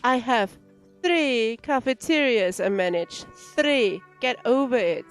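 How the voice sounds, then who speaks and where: A woman's voice: fairly high pitch, expressive, slow, soft background music. A woman voicing a defensive, irritable male cafeteria manager, reading game dialogue aloud in an exasperated, lecturing way. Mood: touchy.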